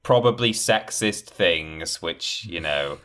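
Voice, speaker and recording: A man co-hosting a casual podcast, retelling things in a rambling, animated way and acting out quotes. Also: deep voice, slow. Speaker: podcast co-host. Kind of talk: casual chat.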